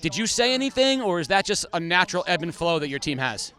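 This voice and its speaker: Man, sports reporter, high bright voice, loose casual questions. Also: big pitch swings, fast. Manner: conversational, asks loose questions. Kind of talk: post-game interview questions.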